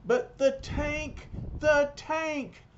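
A man reading a storybook aloud, voicing a cowardly, scheming male dictator who turns panicky and shrill. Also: very animated, unhurried, muffled recording, slight background noise. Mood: panicked.

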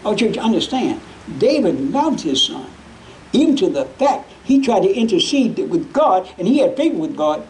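A man's voice: high voice, very animated, moderate pace, darkish tone, slight background noise. A man preaching a sermon in call-and-response style, shifting his voice dramatically when he quotes.

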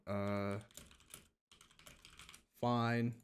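A male streamer chatting through a puzzle game in a low voice that rises and falls a lot. He rambles slowly, jokes, and mumbles nonsense to himself between moves. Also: big pitch swings. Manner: rambling, joking self-talk while playing. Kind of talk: gaming livestream.

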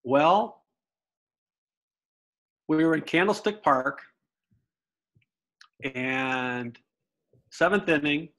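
A middle-aged man telling lively stories as a guest, a former baseball player. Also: on the high side, very slow, long pauses, rough recording. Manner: animated, lively storyteller. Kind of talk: storytelling anecdotes.

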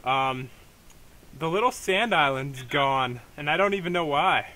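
Young male let's play host, bright and a bit high, rambling with fillers, faint noise behind. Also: lively intonation, measured pace. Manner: rambling, hesitant, many fillers and restarts. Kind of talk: casual gameplay commentary.

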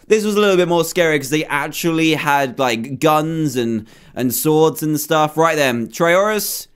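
A young man giving casual, excitable commentary while playing a video game, often playfully scared. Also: a little high, measured pace, smooth. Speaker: gaming YouTuber.

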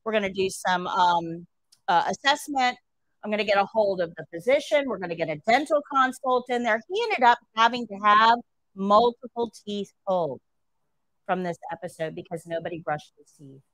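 A woman's voice: mid-range voice, lively intonation, moderate pace, a bit bright, dry recording, poor audio. A woman nursing instructor telling a story to her class during a livestream, asking rhetorical questions as she goes.

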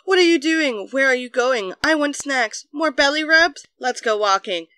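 A narrator voicing an anxious, clingy talking pet dog with high, excited chatter. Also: normal speed, smooth.

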